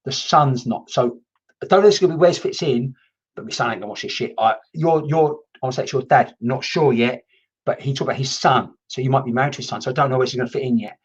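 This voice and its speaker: A man's voice: medium pitch, quick pace, breathy edge, muffled recording. A man working as a medium in a live-streamed session, who talks in a rambling, chatty way with many restarts and some mild swearing. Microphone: computer mic.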